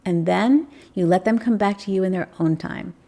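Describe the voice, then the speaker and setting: Female parenting coach, gravelly low-register texture, calm reassuring delivery, speaks to camera. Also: moderate pace. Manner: gentle, reassuring, acts out sample phrases. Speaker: parenting channel host. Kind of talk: direct-to-camera advice talk.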